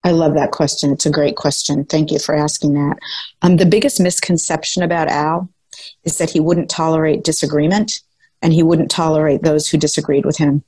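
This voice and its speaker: A woman's voice: sits low, flat delivery, fairly quick, darkish tone, slightly rough, poor audio. An older woman telling a story in a podcast interview, articulate and emphatic, speaking self-assuredly into a close mic. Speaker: guest, former sports executive.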